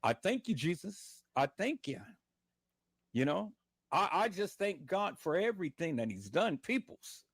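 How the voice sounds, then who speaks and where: A man's voice: fairly high pitch, sing-song, a little slow, slightly rough, no room sound, studio quality. A man, in pain and lying in bed, giving a fervent, repetitive testimony of faith to livestream viewers and calling them "peoples". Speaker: livestream host.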